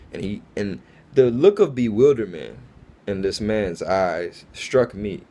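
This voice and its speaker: A man's voice: lowish voice, expressive, slow pace, mellow. A man telling a personal faith story in an earnest, casual way, full of fillers like "like" and "bro". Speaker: faith testimony speaker.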